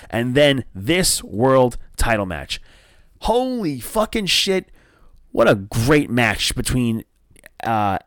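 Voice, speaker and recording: A man from northern New Jersey hosting a casual wrestling review podcast, rambling and excitable with lots of fillers and swearing. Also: medium pitch, smooth, no room sound, studio quality. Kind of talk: casual solo review show.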